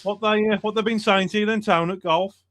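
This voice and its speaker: A man's voice: high-pitched, steady tone, brisk, a bit bright. A man co-hosting a football phone-in, matey and bantering with callers. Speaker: phone-in co-host.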